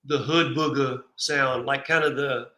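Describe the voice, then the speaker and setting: Bright-voiced man, echoey room. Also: mid-range voice, steady tone, measured pace. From Texas. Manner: chatty, restarts often. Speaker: stream guest. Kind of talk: casual chat.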